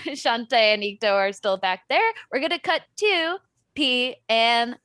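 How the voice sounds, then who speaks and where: A woman's voice: on the high side, a bit bright, dry recording. A woman narrating a tabletop game as game master, in a loose, chatty way with many fillers.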